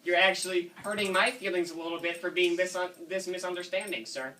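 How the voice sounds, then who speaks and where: With a high-pitched, bright, forceful voice that stays steady and runs a little fast, this prank caller poses as an indignant, fussy dad. He rambles and keeps saying "sir" to the manager, heard through a distant mic with faint noise.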